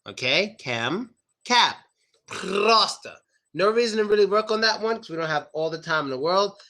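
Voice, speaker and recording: Upbeat young American male pronunciation teacher, high bright voice, drills words one by one. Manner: lively, repeats words slowly for demonstration. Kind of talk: online pronunciation lesson.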